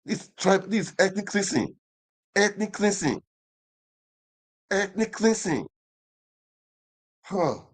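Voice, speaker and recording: A man's voice: high voice, big pitch swings, takes it slowly, pauses often. A man with a Nigerian accent hosting an online show, delivering an impassioned commentary monologue full of repeated phrases and rhetorical questions.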